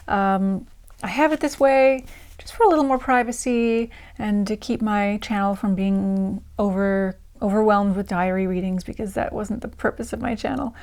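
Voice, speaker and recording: A woman's voice: mid-range voice, steady tone, normal speed, darkish tone, clear, resonant tone. A woman hosting a diary-reading channel, chatting casually to her viewers in a rambling way. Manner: chatty, rambling with fillers and laughs. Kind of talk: casual chat to camera.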